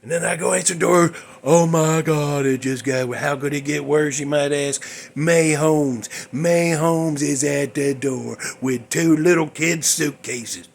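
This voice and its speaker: A man's voice: on the high side, fairly even intonation, a little slow, gravelly. A man hosting his own show, telling a dream story in a rambling, folksy, exasperated way. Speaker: host. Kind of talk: comedic storytelling monologue.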